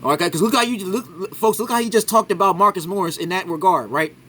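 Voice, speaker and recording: A man's voice: high voice, quick pace, fairly bright tone. A man giving an argumentative reaction commentary on a sports clip, keeps asking "right?" after his points.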